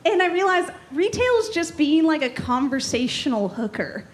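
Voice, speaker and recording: A woman's voice: high voice, big pitch swings, moderate pace. A woman doing a sardonic, profane stand-up set, teasing the crowd. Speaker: stand-up comedian. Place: comedy club stage.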